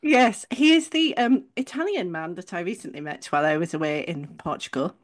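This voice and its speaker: A woman from England co-hosts a podcast in relaxed conversation. She tells her story in a rambling, chatty way, often starting a sentence over and correcting herself mid-thought. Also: lowish voice, a little fast. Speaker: podcast co-host. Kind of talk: casual chat.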